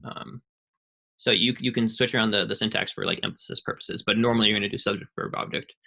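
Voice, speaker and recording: Young man presenting, bright and halting. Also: on the low side, steady tone, creaky. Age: young adult. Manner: halting, many ums and restarts. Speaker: student presenter. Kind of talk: casual online presentation.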